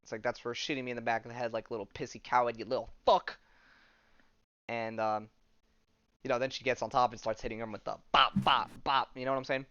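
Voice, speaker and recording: A man's voice: medium pitch, little pitch movement, quick pace, sharp tone, smooth, dry recording, dull audio. A male podcast host casually retelling a comic story, reading the dialogue aloud with lots of fillers and swearing.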